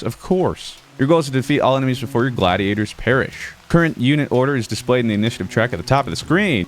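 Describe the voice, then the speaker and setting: A man with a mid-range voice plays up a pompous mock emperor while commenting on a game. His delivery swings broadly up and down for comic effect. Clear music runs behind him. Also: mid-range voice, expressive, quick pace, hardly any pauses. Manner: hammy, pompous mock-emperor role-play. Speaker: gaming YouTuber. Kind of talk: sponsored gameplay commentary. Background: background music.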